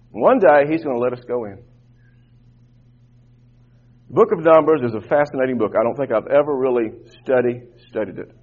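This pastor's medium-pitched voice has a breathy edge. He preaches a fervent sermon to his congregation, stacking up repeated words to build his case, while the audio comes through tinny and muffled, like a phone.

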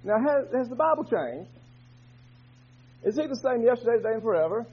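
Male pastor, fervent preacher, very high husky voice, swings from hushed to shouting, dull old church recording. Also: sing-song, brisk. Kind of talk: sermon.

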